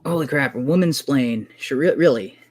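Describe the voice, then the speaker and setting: A man in a heated online debate, talking fast over the other man with exasperated outbursts and insults. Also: medium pitch. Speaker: debater defending the trailer.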